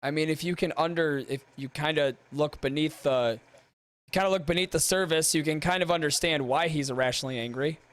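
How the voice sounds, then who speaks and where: A man's voice: fairly high pitch, brisk, fairly bright tone. A man appearing as a guest on a casual podcast, laid-back and stopping to restart his sentences. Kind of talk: casual chat.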